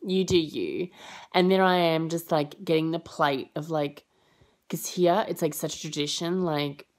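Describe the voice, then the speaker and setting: A woman's voice: steady tone, normal speed. A young adult woman vlogging as an au pair, rambling casually with lots of fillers and acting out what people said. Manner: rambling and chatty, full of fillers; acts out quoted lines with high jumps in pitch. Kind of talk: casual chatty vlog.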